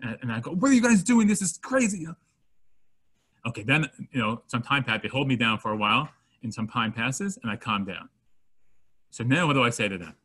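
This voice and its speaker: A man's voice: medium pitch, fairly quick. A man teaching a Torah class, mixing Hebrew terms into his English and acting out everyday scenes. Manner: animated, acts out scenarios with quoted voices. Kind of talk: Torah lesson to students.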